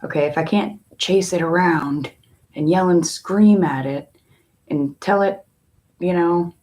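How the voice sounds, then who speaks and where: A woman tarot reader in a casual spiritual talk, musing in a slow, meandering way with long pauses. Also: fairly low pitch, a little mellow.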